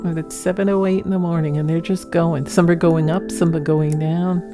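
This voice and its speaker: A woman's voice: lowish voice, little pitch movement, normal speed, music in the background. A woman narrating her own home footage in a chatty, rambling way, laughing now and then. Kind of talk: casual voice-over narration.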